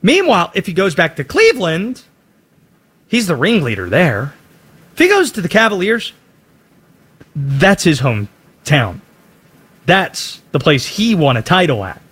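A man's voice: high voice, huge pitch swings, unhurried, long pauses, a bit bright, breathy edge. A man giving emphatic, opinionated sports commentary.

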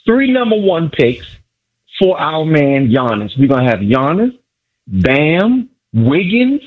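A male caller phoning a sports radio show, excitedly boasting about his team and repeating himself. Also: a little high, slow pace, narrow, tinny audio.

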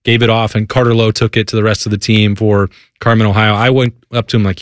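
A man's voice: fairly low pitch, flat delivery, fast, hardly any pauses, no echo, clean studio sound. Rambling man guesting on sports radio. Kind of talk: casual sports talk.

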